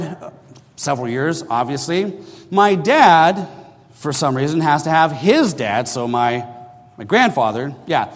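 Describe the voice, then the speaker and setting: Slightly high-voiced man preaching in reverb. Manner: conversational, often checks in with "okay?". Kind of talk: sermon with personal story. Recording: long hall reverb.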